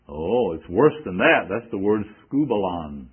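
Deep, husky preacher on tinny radio. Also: male voice, animated, moderate pace, hardly any pauses. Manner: emphatic, rhetorical questions, quoting scripture. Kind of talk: sermon.

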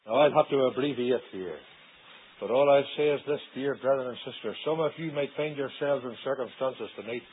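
A man preaching a sermon to a congregation, swinging between loud emphatic lines and low quiet asides. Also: fairly quick, husky. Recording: tinny phone-like old sermon recording.

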